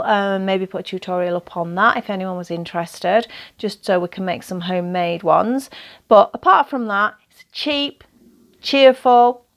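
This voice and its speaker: Chatty woman with a gravelly voice. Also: medium pitch. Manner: chatty, rambling, laughs often. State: slightly hoarse, losing her voice. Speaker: doll collector vlogger. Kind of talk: casual show-and-tell vlog.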